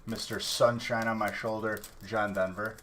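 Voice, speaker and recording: A man with a somewhat low voice hosts a live card-opening stream and jokes and teases back at his chat. The crinkle of wrappers and shuffling cards comes through clearly behind him. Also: flat delivery, moderate pace, bright, forceful tone, slight background noise. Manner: joking, teasing chat viewers. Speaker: livestream card breaker. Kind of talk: casual live-stream banter.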